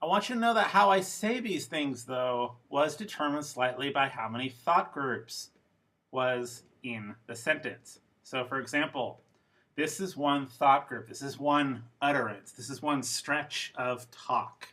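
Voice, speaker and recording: A man teaching an English pronunciation lesson, speaking slowly and carefully and repeating model phrases for his students. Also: medium pitch, pushed and bright. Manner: slow, careful, demonstrative delivery with model phrases.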